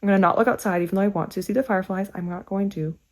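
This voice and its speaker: Chatty woman book vlogger. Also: very fast. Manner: chatty, many "like" fillers, animated pitch swings. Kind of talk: casual chat to camera.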